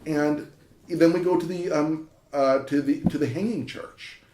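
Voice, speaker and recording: A man's voice: on the high side, steady tone, unhurried, dark tone, a little hiss or hum. A man, a university professor, telling an interviewer a story with enthusiasm, full of fillers and restarts. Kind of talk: interview conversation. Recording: echoey room.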